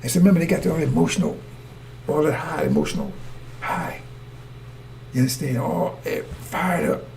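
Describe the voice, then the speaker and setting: Gravelly man preaching a sermon. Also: fairly high pitch, huge pitch swings, moderate pace, long pauses, darkish tone, slight background noise. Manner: repetitive, asks listeners to follow along; addresses congregation as brothers and sisters.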